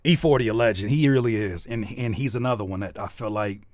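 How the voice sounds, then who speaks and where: A man's voice: on the low side, quick pace, a little mellow, dry recording. Lol just a chill young guy rapping about beats, slangy and jokey, dry mic. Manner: loose, slangy, playful, often laughs. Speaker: rapper and music producer. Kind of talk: casual chat while making a beat live.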